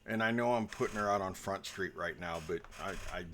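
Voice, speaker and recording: A man's voice: low voice, brisk, a bit bright, a little hiss or hum. A man talking casually as dungeon master before a tabletop game, rambling and joking with lots of ums.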